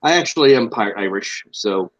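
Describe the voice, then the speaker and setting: A man's voice: on the low side, expressive, normal speed, no room sound, low-quality recording. Laid-back young man, blunt and casual. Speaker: podcast co-host. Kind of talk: casual chat.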